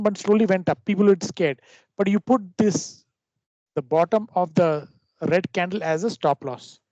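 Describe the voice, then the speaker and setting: A man teaching a trading lesson over a screen share, explaining in a halting way with frequent restarts. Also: on the high side, mellow, no room sound. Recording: dull lo-fi dry recording.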